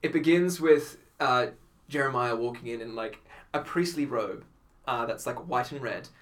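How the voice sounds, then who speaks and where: A man, a podcast guest, telling animated stories in casual chat, acting out quotes and laughing often. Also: medium pitch, normal speed.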